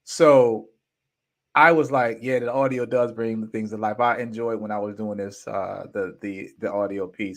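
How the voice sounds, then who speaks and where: A young adult man hosting a podcast, telling a personal story in a slangy, animated way, with some swearing and laughs, and reading chat comments aloud. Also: on the low side, normal speed. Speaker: podcast host.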